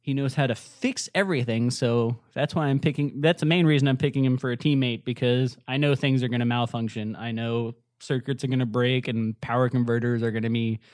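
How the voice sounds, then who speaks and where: A man co-hosting a podcast in casual chat. He talks with enthusiasm, full of fillers and quick restarts. The sound is close and dry, with no room around it. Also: medium pitch, fairly even intonation, darkish tone, no room sound. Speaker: podcast co-host.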